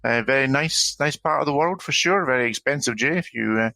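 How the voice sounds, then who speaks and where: A man co-hosts a casual sports podcast, his bright voice delivering dry jokes between stumbles. The recording is close and dry, with no room sound. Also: medium pitch, brisk, gravelly, no echo, rough recording. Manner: dry wit, stumbles and repeats words. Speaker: co-host.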